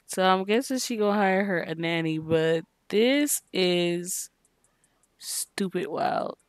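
A woman hosting her gaming channel, giving casual commentary in an exasperated, expressive, scolding way. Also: on the low side, slow, no echo.

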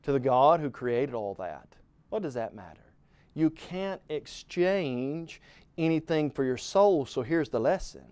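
Earnest middle-aged male preacher, a little high-pitched, emphatic delivery with rising and falling volume. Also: animated, a little slow, a little mellow, smooth, no room sound. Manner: addresses the listener as "friend". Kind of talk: televised Bible lesson.

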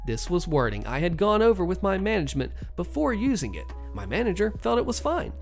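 Story narrator, sardonic, lively pitch swings, faint music bed. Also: brisk. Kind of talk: first-person story narration.

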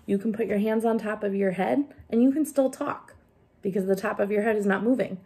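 A woman teacher giving a gentle, hands-on craft lesson for young children while she demonstrates each step. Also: medium pitch, steady tone, brisk, breathy edge.

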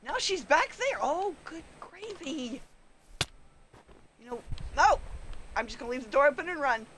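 High, excitable woman streaming a game. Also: unhurried, a crowd in the background. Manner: excitable, panicky, talks to game creatures. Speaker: gaming streamer. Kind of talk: live game commentary.

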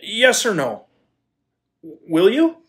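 A blustering landowner, hot-tempered yet suddenly lovestruck, as a man acts him out. He stammers and pleads, slow and halting, with a voice that leaps from low mutters to high outbursts. A community audio-play performance. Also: huge pitch swings, full character voice. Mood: pleading. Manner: stammering, then bursts into shouted pleas. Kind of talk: amateur radio play acting.

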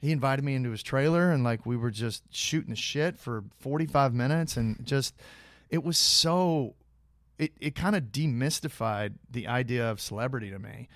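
A man, a guest actor on a podcast, telling animated behind-the-scenes anecdotes in casual conversation, full of fillers and restarts. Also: medium pitch, moderate pace, dry recording, clean studio sound.

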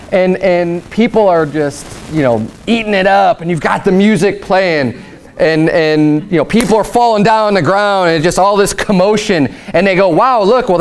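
A male pastor giving a sermon in a conversational, animated storytelling way. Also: high-pitched.

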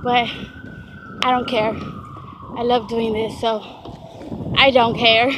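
Breathless high-voiced woman vlogging outdoors. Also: level tone, takes it slowly. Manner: chatty, switches into Spanish with family. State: out of breath from walking uphill. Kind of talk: casual vlog chat. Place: outdoors on a city street. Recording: noisy street background.

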